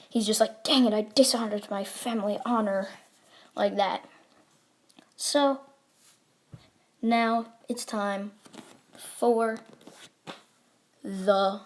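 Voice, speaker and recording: A woman's voice: mid-range voice, darkish tone. A woman telling a fan story in a loose, rambling way, stringing it together with "like" and "um". Her delivery is casual and unscripted. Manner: rambling, full of "like" and "um" fillers. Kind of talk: casual fan-fiction retelling.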